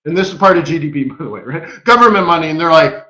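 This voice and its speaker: A man hosting a live trading webinar, telling stories in a casual, animated way and acting out the voices of the people he quotes. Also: a little high, quick pace, few pauses. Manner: animated storyteller who acts out quoted voices. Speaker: forex market strategist and webinar host. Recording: echoey room, dull lo-fi audio.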